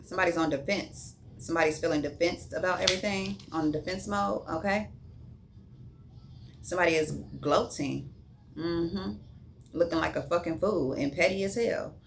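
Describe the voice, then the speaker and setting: A woman's voice: fairly low pitch, moderate pace, gravelly, a little hiss or hum. A woman giving a casual tarot reading, blunt and profane, drifting into sing-song asides between card readings. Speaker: tarot reader.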